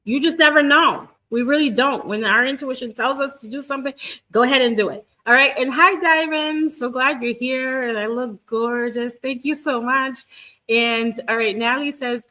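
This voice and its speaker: A woman's voice: on the high side, rough recording. A middle-aged woman coaching viewers in a live stream, talking to them directly in an encouraging way, with many restarts. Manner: warm, encouraging, talks straight to viewers. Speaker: twin flame guidance coach.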